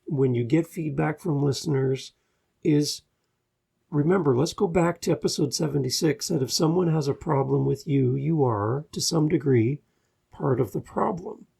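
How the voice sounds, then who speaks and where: A man's voice: a little high, normal speed, creaky, dark tone, breathy edge. A Canadian man hosting a podcast, giving advice in an earnest, easygoing and self-deprecating monologue. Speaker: podcast host.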